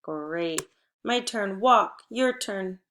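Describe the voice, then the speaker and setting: A woman teacher giving a spelling and phonics lesson to first graders, patient and encouraging, prompting with clear cues. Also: medium pitch, animated, drawn-out words, a bit bright, slight background noise. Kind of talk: phonics lesson for young children.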